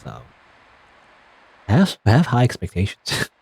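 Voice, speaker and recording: A man's voice: fairly low pitch, wildly swooping pitch, slow, creaky, darkish tone, breathy edge, dry recording. A man casually commenting on a video game as he plays, rambling and hedging with chuckling asides. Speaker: let's play gamer.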